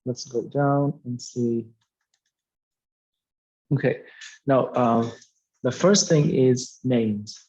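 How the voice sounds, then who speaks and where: Slow, patient male English teacher. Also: mid-range voice, fairly even intonation, a little mellow, muffled recording. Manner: patient, repeats key words, many "okay" fillers. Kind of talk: classroom explanation.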